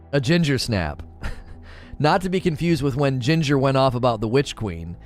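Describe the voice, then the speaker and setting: A man's voice: mid-range voice, animated, a little slow, faint music behind. A man chatting casually on a live stream, joking, laughing often and slipping into mock British voices.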